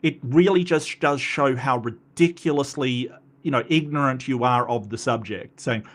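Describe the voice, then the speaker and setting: A man's voice: mid-range voice, normal speed. A man hosting a reaction commentary, talking in an exasperated, sarcastic and mocking way. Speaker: commentary host reacting to a video.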